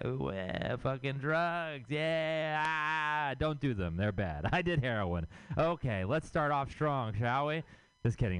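A man's voice: medium pitch, clean tone, dry recording. A man from Houston doing a rambling, profane stand-up set, laughing at his own jokes. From Houston, Texas. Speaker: stand-up comedian. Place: comedy club stage.

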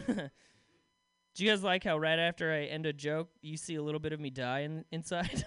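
A man's voice: a little high, brisk, fairly bright tone, clear, resonant tone, no room sound. A young adult man doing a rambling, self-deprecating stand-up comedy set, full of "like" fillers.

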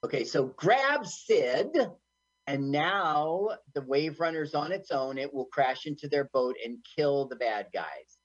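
A man co-hosting an internet radio show, riffing jokingly on a movie as it plays. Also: slow. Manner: jokey, tries silly voices, lively pitch. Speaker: podcast co-host. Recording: dull lo-fi sound.

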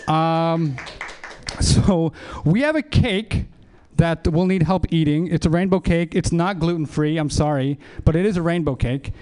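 High, smooth-voiced man doing stand-up. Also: darkish tone. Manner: self-deprecating, rambling with fillers. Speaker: stand-up comedian and show host. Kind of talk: stand-up comedy set. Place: small comedy venue with live audience.

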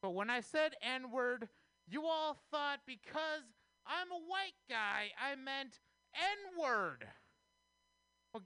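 Slow, bright-voiced male stand-up comic. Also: very high-pitched, no echo. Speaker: stand-up comedian. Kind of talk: stand-up set.

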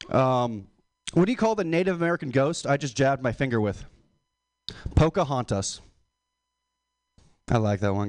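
A young male comic hosting a live stand-up night, with a crude, rambling delivery. His voice is pitched a little high and swings widely, dropping low to close each bit. It sounds dry and close to the mic. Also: dry recording. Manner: crude, rambling, drops pitch on tag lines. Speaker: comedy show host. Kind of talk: stand-up comedy.

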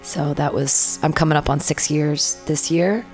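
A woman with a fairly low voice chats loosely and tells winding anecdotes, often slipping into the voices of people she quotes. Faint music plays under her talk. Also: steady tone, measured pace, a little mellow. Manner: rambling storyteller, acts out quotes. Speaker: comedian and podcast host. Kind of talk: casual chat.

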